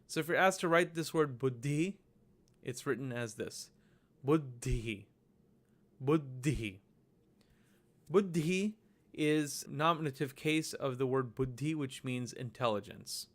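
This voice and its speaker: A man narrating a recorded lesson over slides, explaining each step slowly and patiently. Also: fairly high pitch. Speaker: language teacher.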